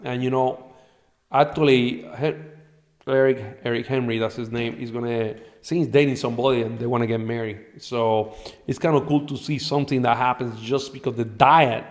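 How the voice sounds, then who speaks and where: A middle-aged man, a doctor guest on a podcast, telling animated patient stories in a blunt, profane way. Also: medium pitch, normal speed. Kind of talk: storytelling in a podcast interview.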